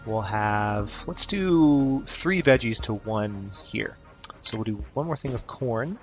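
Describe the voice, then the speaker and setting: A man giving casual let's-play commentary, chatty and upbeat, thinking aloud with fillers as he plays. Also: fairly low pitch. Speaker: gameplay commentator.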